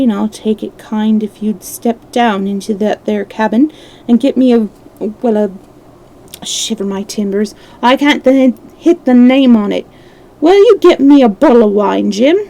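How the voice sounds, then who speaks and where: A scheming old pirate coxswain voiced by a woman storyteller drawls in rough sailor dialect, wheedling and sly. The voice has a gravelly edge and a mellow, darkish tone. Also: on the high side, unhurried, low-quality recording.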